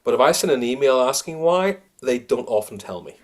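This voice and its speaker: A man being interviewed on a podcast as a sales coach. He talks in an animated way and laughs often. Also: medium pitch, brisk.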